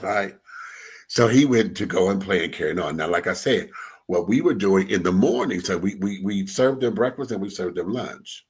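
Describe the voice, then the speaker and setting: A man in his forties on a radio talk show, telling a personal story in a lively, profane, animated way. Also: deep voice, moderate pace, slightly rough. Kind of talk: casual storytelling chat.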